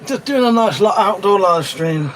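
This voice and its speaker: A man with a slightly raised pitch, talking casually on a live stream from a shed. He rambles, swears offhandedly and chats to his viewers. Faint ambience hums behind him. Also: animated, moderate pace, a little hiss or hum. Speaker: livestream host. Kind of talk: casual live-stream chat while crafting. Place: shed, outdoors.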